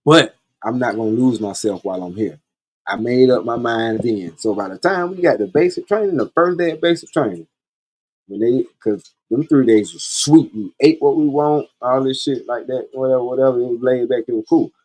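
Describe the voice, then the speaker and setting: A man's voice: medium pitch, normal speed, a little mellow. Profane man telling stories. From Columbia, South Carolina. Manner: profane, blunt, laid-back storyteller. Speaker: podcast host. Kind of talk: casual storytelling monologue.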